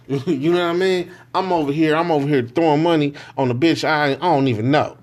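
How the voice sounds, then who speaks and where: A man hosting his own show, ranting alone in casual, profane street slang and mimicking other people as he goes. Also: fairly high pitch. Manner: acts out other people in quick impressions. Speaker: podcast host. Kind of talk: casual monologue rant.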